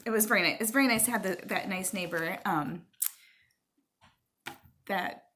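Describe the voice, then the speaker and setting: A middle-aged woman telling a rambling personal story at home to her viewers, with fillers and pauses. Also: medium pitch, bright, forceful tone, slight background noise. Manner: chatty, rambling with fillers, stops to talk to her child. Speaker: vlogger. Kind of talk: casual storytelling to camera.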